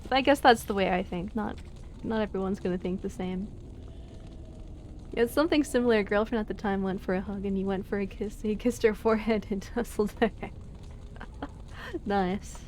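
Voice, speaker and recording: A woman's voice: medium pitch, moderate pace, pauses often, darkish tone, slight background noise. A young woman streamer chatting casually over gameplay, giggly and self-deprecating.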